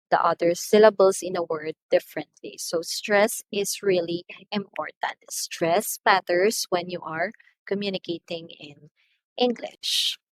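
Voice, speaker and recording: A woman with a Filipino accent teaching English pronunciation, slowly repeating each example word so it can be drilled. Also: on the low side, no room sound, poor audio. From Philippines. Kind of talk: online lesson on English pronunciation.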